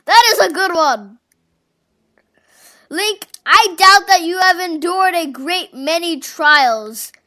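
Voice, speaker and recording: A genial old fish-folk king from a fantasy game, put on by a fan doing every role. He speaks in grand, formal phrases, and the voice sits very high and sounds bright and forceful. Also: exaggerated voice. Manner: grand, courtly speech. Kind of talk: voicing game dialogue.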